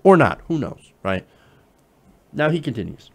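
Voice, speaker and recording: A man's voice: medium pitch, sing-song, unhurried. A man hosting political commentary, reading an op-ed aloud and mocking it with sarcasm, profanity and laughter.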